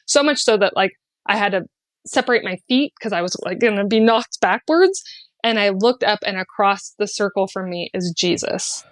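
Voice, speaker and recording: A woman's voice: mid-range voice, normal speed, no echo. Earnest woman telling a heartfelt story. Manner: earnest and heartfelt, speaking with many "like" fillers; animated when acting out quotes, often laughing. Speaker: podcast guest, spiritual guide. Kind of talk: personal storytelling in a podcast conversation.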